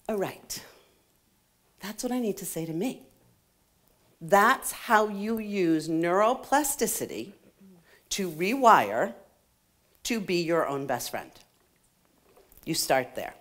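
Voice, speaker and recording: Middle-aged woman conference speaker, lively swooping voice, playful and laughing, talks to the crowd. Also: on the low side, moderate pace, long pauses. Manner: animated, laughs often, playful asides to the audience. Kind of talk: motivational talk to a live audience. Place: conference hall stage.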